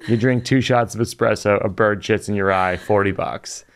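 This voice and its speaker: A middle-aged man hosts a podcast and tells a comic story about himself, dry and self-mocking. His voice sits low with a gravelly fry at the ends of phrases. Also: fairly even intonation, moderate pace. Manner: dry, self-mocking delivery with playful asides. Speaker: podcast host and comedian.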